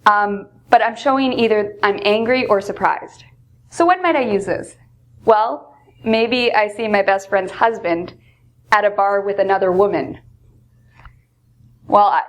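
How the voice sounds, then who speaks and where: A woman teaching English, explaining expressions patiently and acting out example lines with lively emphasis. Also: a little high. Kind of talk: explaining English phrases in a lesson.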